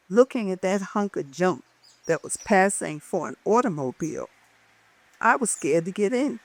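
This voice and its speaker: A woman reading her own memoir aloud as a lively storyteller who changes her voice for the people in it. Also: medium pitch, normal speed, dry recording.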